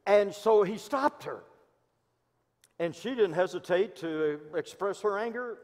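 A man with a Midwestern American accent, a pastor preaching a sermon in church and telling stories, swinging between loud emphasis and hushed asides. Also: high voice, animated, unhurried. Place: church sanctuary. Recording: long hall reverb.

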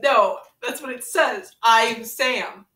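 Brash, pun-loving young brawler, played by a woman in a comedic fan parody, teasing and impatient, slipping into a sing-song storybook voice. The voice sits a bit high and sounds bright and forceful. It is recorded in a roomy space from a mic set well back. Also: takes it slowly. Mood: playful. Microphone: camera mic set far away. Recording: roomy room, mic far away.

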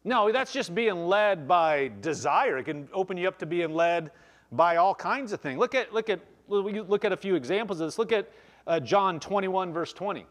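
A man's voice: high-pitched, lively intonation, normal speed. A man preaching a conversational sermon in a church, reading scripture aloud and explaining it with frequent restarts. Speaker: pastor.

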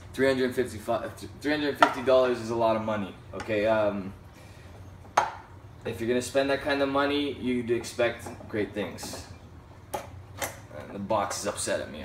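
A young adult man talks through a whisky review in a relaxed, frank way, pausing on ums. His voice sits at an ordinary middle pitch and comes from a little back from the mic. The room is echoey, with faint ambience behind him. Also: slight background noise. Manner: frank, hesitant with many ums, apologetic asides. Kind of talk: casual review vlog. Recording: roomy, slightly distant mic with faint ambience.

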